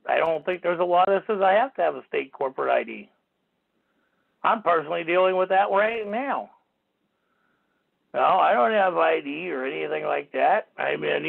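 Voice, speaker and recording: A man's voice: high-pitched, creaky. A man hosting a call-in radio talk show, rambling and indignant, swearing casually, heard over a tinny phone line.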